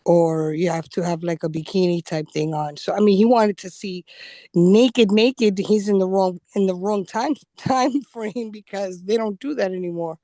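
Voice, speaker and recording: A woman's voice: on the low side, fairly even intonation, normal speed, few pauses, mellow, no room sound. Chatty woman co-host, dry close sound. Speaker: podcast co-host. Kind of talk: casual chat.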